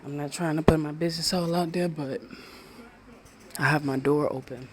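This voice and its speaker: A podcast host talking low and rambling at home at night, winding down, swearing freely into a small handheld microphone. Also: steady tone, normal speed, slight background noise. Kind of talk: casual late-night solo podcast. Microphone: small handheld USB microphone.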